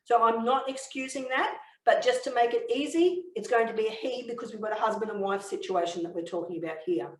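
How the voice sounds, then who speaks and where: A woman giving a communication training webinar, explaining and telling a story in a measured way. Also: on the high side. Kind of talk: webinar teaching. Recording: echoey room, mic far off.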